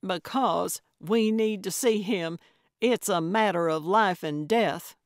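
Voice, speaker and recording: A woman's voice: medium pitch, takes it slowly, dry recording, clean studio sound. A woman voicing a bossy older female amateur sleuth who talks bluntly and pushily. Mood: pushy. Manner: brash, blunt and pushy.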